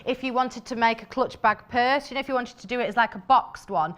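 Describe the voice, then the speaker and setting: A woman's voice: fairly high pitch, brisk, a bit bright. A woman presenting fabrics live on a shopping channel. She speaks in a chatty, enthusiastic way, with lots of fillers and asides to her crew. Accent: British English.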